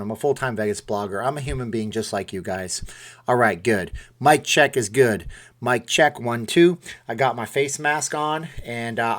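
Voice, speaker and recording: A man's voice: medium pitch, a bit bright. Chatty man hosting a home live stream. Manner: chatty, jokey, rambling asides to viewers. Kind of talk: casual live-stream chat. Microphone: desk microphone with webcam.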